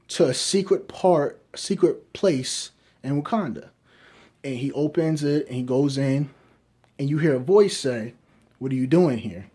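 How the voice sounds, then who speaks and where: A man's voice: a little high, dark tone, slightly rough. A man reviewing movies, rambling through casual fan speculation and often checking in with his listeners. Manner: rambling, keeps asking "right?" and hedging.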